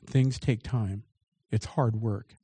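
A man's voice: fairly low pitch, fairly even intonation, takes it slowly, dark tone, husky, no echo. A man preaching a sermon as pastor, reading scripture aloud and commenting on it with shifting emphasis.

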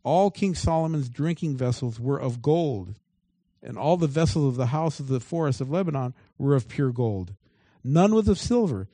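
A man's voice: mid-range voice, normal speed, warm tone, dry recording. A man preaching a sermon as pastor. He reads scripture aloud and breaks off into emphatic asides.

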